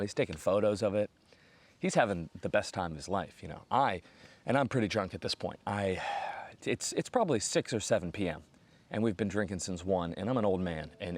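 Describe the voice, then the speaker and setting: An American man in his thirties telling a long comic story, jumping into high voices whenever he quotes other people. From United States. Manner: animated, acts out quoted voices with big pitch jumps. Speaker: comedian host. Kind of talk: storytelling stand-up monologue.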